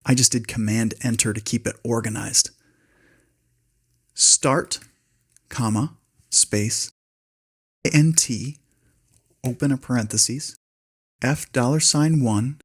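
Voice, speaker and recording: A man hosting a spreadsheet tutorial, calmly dictating a long formula step by step. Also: medium pitch, slow pace, long pauses, slightly rough. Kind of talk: screen-recorded software tutorial.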